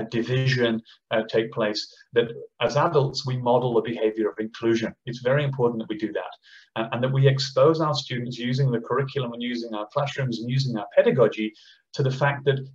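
An Australian man speaks with conviction at an online education conference, slipping into quick impressions of teachers and children. His voice sits at an ordinary pitch, and the audio comes through muffled and lo-fi.

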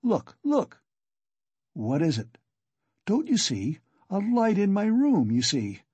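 A man's voice: high voice, huge pitch swings, takes it slowly, a little mellow, slightly rough, no room sound, pitched above the performer's own voice, full character voice. A man voicing a feverish, weak young man. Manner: strained and fretful. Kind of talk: audiobook character reading.

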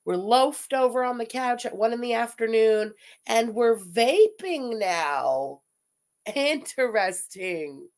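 A woman's voice: on the high side, expressive, slow, a little mellow. A woman giving blunt, sarcastic reaction commentary, mocking what a streamer says.

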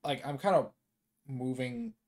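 A man's voice: mid-range voice, unhurried. A man playing a tabletop game, chatting casually, rambling and restarting his sentences. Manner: rambling, restarting, animated when excited. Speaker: player.

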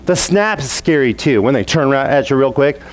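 A male pastor delivers a sermon through a childhood story, acting out each scene as he tells it. His voice sits at an ordinary middle pitch for a man, and he slips into quick impressions of the people in the story. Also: poor audio. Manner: animated, acts out family scenes with voices.

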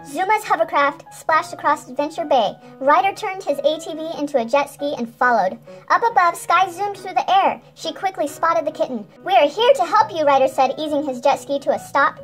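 A woman hosting a toy channel, reading a children's storybook aloud in a bright, sing-song manner. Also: high-pitched, brisk, faint music behind.

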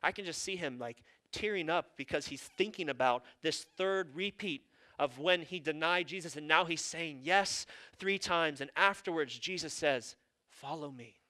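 Bright, crisp-voiced man preaching. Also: on the high side, normal speed. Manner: earnest, conversational preaching with casual asides. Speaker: pastor. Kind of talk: sermon.

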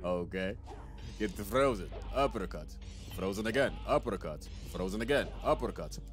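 A man giving let's play commentary, excitable and talking to himself as he plays. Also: lowish voice, moderate pace, soft background music. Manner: excitable, talks to himself while playing. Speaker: gaming channel host.

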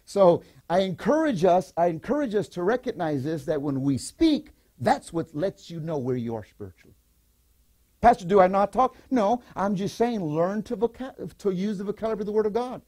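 An older male pastor delivers a sermon with a husky, mellow voice that rises high and swoops widely. He preaches in an animated way, repeating lines and asking the congregation to say them back. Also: a little fast, hardly any pauses. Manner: animated preaching with repetitions and call-and-response.

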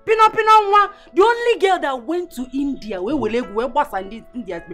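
An actress playing a vain, hot-tempered Nigerian woman just back from India, who scolds in a pompous, rapid-fire way. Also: sits high, lively intonation, a bit bright, faint music behind. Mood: haughty. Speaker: film actress. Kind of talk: Nollywood film acting.

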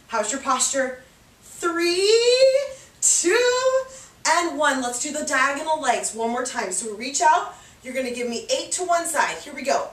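A woman's voice: sits high, fairly bright tone, echoey room, recorded from a distance. A woman fitness instructor leading a seated cardio class, upbeat and encouraging, counting reps while out of breath.

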